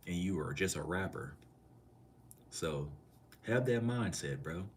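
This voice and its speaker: A man's voice: sits low, lively intonation, a little slow, a little hiss or hum. A man from Minneapolis streaming live in a loose, slangy way, reading out and answering chat comments.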